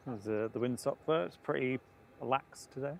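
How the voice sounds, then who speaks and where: A man co-hosting a live stream in casual commentary, relaxed and making jokey remarks. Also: mid-range voice, normal speed, creaky, a little hiss or hum.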